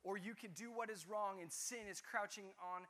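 A man's voice: high voice, normal speed. A man teaching a Bible class, asking his students questions and joking with them. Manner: lively, asks the class questions, jokes.

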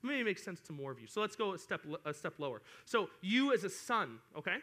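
Bright, animated young male youth preacher. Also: high voice, fast talker. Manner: animated, acts out whiny kids. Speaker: youth pastor. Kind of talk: sermon to students.

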